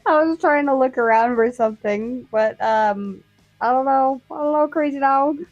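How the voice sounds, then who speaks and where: A woman livestreaming in casual chat with her viewers, animated, swearing freely and talking to her dogs. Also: high voice, normal speed, dull audio, faint music behind.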